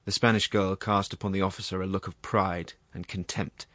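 A man narrating a classic story in a measured, grave reading. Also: deep voice, little pitch movement, a bit bright, no echo.

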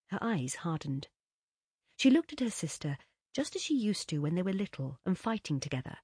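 Expressive husky woman reading a story. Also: lowish voice, normal speed, dry recording, studio quality. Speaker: audiobook narrator.

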